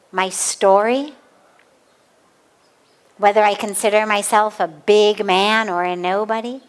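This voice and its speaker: A woman spiritual teacher giving a calm, deliberate spiritual discourse in an outdoor garden. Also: a little high.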